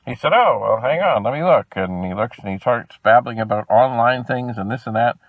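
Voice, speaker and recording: A man from Canada telling a long customer-service story, animated and exasperated in tone. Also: mid-range voice, brisk, no echo, narrow, tinny audio. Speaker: video host. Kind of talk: storytelling vlog.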